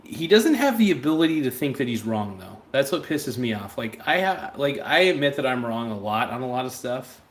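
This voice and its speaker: A man's voice: mid-range voice, sing-song, a little fast, few pauses. A man hosting a livestream, talking in a casual, rambling and blunt way and answering viewer chats. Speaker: livestream host.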